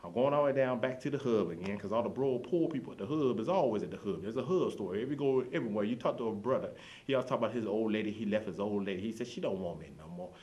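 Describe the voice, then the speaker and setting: A man's voice: fairly low pitch, racing, a little mellow. A man telling a rambling comic story, piling up run-on tangents and repeated catchphrases. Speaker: comedian.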